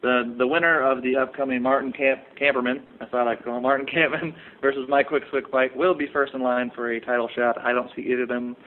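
A man co-hosting a casual podcast chat recapping fights, laughing often and slipping into quick mock impressions of the fighters. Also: mid-range voice, steady tone, slight background noise. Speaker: podcast co-host. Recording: tinny phone-like audio.

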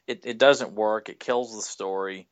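A man's voice: on the low side, fairly even intonation, unhurried. A man in a casual podcast chat who stammers and restarts his sentences.

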